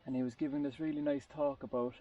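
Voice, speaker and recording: A man's voice: medium pitch, fairly even intonation, fast talker, dark tone, no room sound. A man telling a long story in a casual group talk, rambling and often restarting his sentences. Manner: rambling, searching for words with restarts. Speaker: group participant. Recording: distant muffled lo-fi recording.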